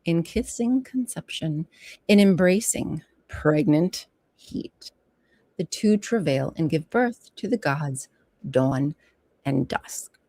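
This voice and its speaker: Brief: female livestream host, unhurried reading, lively asides, swears casually, dry close sound. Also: low voice, dry recording. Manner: animated, frank, swears freely, stops to comment.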